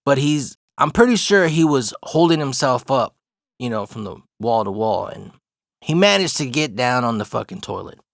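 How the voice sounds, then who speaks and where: A man's voice: medium pitch, sing-song, normal speed, gravelly, no room sound, studio quality. A man casually telling a personal story, swearing freely and often laughing. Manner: profane, laughs through the story.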